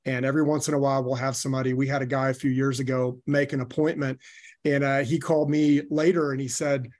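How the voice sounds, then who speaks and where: A man's voice: mid-range voice, flat delivery, fast talker, darkish tone. A man training new business owners, explaining sales steps and telling anecdotes with some fillers. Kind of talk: business presentation.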